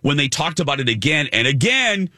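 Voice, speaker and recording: A man's voice: brisk, no echo, clean studio sound. A man co-hosting a casual chat, retelling scenes and acting out quotes with big jumps in his voice. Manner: animated, acts out quotes with big pitch jumps. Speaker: co-host. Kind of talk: casual gossip chat about reality TV.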